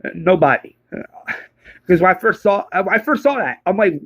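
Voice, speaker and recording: A man's voice: high-pitched, expressive, a little fast, creaky, a bit bright, slightly rough, dry recording. A man giving a casual spoken book review, rambling and exasperated, stumbling over restarts and swearing.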